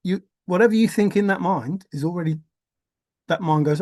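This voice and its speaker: A man's voice: high-pitched, normal speed, darkish tone, no room sound, studio quality. A man talking through a rambling vlog monologue, musing aloud, swearing casually and laughing to himself. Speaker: vlogger.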